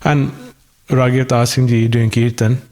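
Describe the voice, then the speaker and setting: A man's voice: mid-range voice, level tone, moderate pace, a little mellow. A man in a conversational interview, speaking thoughtfully with hesitant restarts, his voice still recovering after an illness. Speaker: guest musician.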